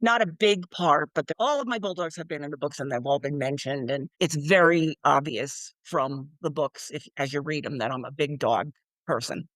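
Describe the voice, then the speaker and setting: A woman's voice: sits low, normal speed, a bit bright, no echo. An older woman, an author being interviewed, chatting animatedly and acting out quoted voices with frequent laughs. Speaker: author and guest. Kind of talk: casual interview chat.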